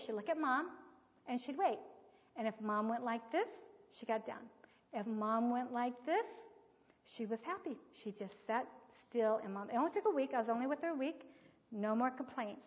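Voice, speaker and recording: A high-voiced woman gives plain-spoken parenting advice through demonstrative anecdotes. The recording sounds dull and lo-fi. A long hall reverb follows her words. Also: expressive, normal speed, fairly bright tone. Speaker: child-rearing coach. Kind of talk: anecdotal teaching talk.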